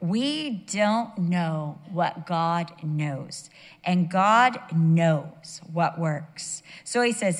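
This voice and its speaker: Slow, emphatic woman preaching in a hall. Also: lowish voice, animated. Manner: emphatic, with humorous personal asides. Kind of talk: sermon.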